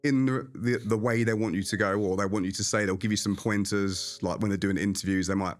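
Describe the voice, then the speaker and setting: A low-voiced man from England tells stories from his career in a relaxed interview. He talks in an animated, anecdotal way. Faint music plays softly underneath. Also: a little fast. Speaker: magician guest. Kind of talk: casual interview storytelling.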